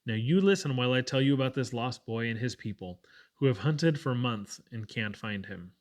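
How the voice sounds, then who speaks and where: A man voicing a gentle but firm young woman who soothes a sick friend. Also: mid-range voice, lively intonation, normal speed, lightly acted. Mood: soothing.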